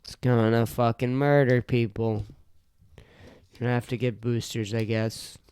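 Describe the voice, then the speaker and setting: A young man talks alone into a close, dry podcast mic, his voice smooth and clear. He rambles and swears, exasperated and a little tipsy, and his throat sounds sore from talking so long. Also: mid-range voice, little pitch movement, a little slow, darkish tone, no room sound. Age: young adult. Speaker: podcast host. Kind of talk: casual solo podcast rant.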